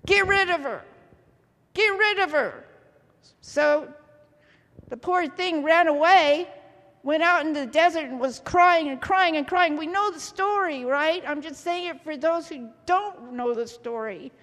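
A woman preaching a sermon in a church, telling the story with lively, theatrical flair. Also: sits high, a little slow. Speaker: pastor's wife preaching. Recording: church hall reverb.

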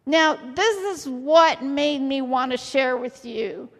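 A woman preaches with a high voice. She talks slowly and keeps turning to the congregation with questions. Her voice rings with the long reverb of a church hall. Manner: lively, asks the congregation questions often. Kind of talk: sermon.

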